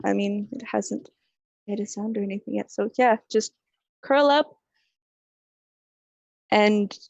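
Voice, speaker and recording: A woman's voice: medium pitch, slow, vocal fry, no echo, lo-fi sound. A woman playing a tabletop game, talking casually with giggles. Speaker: player.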